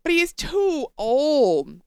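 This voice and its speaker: A woman co-hosting a podcast in casual chat, sarcastic and quick to laugh. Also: high voice, dry recording, clean studio sound. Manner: animated, laughs often, sarcastic. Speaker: podcast co-host.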